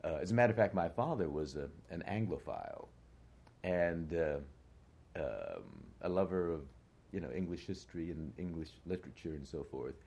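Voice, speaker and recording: A deep-voiced older man from the United States speaks as an interview guest, his tone slightly husky. He reflects on his past in an unhurried, thoughtful way, pausing often with fillers and restarts. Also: lively intonation, darkish tone. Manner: reflective, hesitant with many fillers. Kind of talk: conversational interview.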